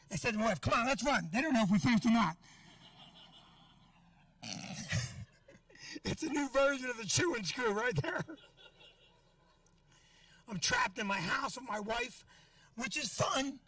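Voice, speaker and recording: A man's voice: high-pitched, dry recording, far from the mic. A man doing a profane, brash stand-up comedy set in a club, working the crowd and acting out conversations. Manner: brash, profane, acts out quoted dialogue and shouts.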